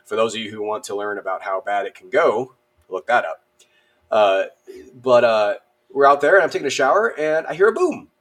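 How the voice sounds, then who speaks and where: A podcast guest, a man with a fairly low, slightly bright voice, tells a story at a normal speed. He's casual and animated, pokes fun at himself, and fills his speech with lots of fillers.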